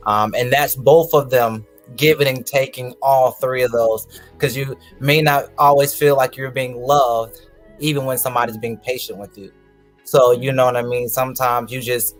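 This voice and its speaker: A man's voice: medium pitch, fairly even intonation, moderate pace, soft background music. A man speaking as a talk show guest, laughing often and talking loosely with restarts. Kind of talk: casual panel discussion.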